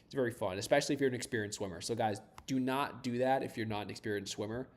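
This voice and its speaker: A man streams himself debugging code and chats along in a loose, rambling way, laughing often and dropping casual swears. His pitch sits in a middling range, neither high nor low. He grew up south of Boston. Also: fast, a little hiss or hum. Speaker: startup founder coding on a livestream. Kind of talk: casual live-stream chat while coding.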